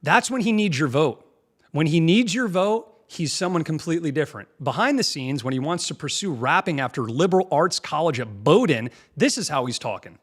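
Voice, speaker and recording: A man's voice: on the high side, animated, brisk. Mocking, combative male commentary host. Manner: mocking, combative, mimics clips. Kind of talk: political commentary.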